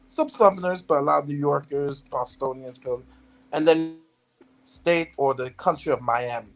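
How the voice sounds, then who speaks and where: Man from Florida, talkative, fairly high voice, casual chat. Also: moderate pace, a bit bright, rough recording. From Florida, USA.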